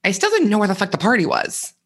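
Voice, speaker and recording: A man co-hosting a podcast in casual chat, telling stories with animated energy, acting out quoted voices and swearing freely. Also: high-pitched, fast, husky. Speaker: podcast co-host.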